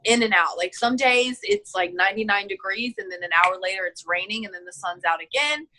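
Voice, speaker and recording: A woman's voice: medium pitch, fairly quick, bright, forceful tone, rough recording. A woman being interviewed about her healing, speaking heartfelt and choked up, with many fillers. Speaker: healing client. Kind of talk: casual video-call interview.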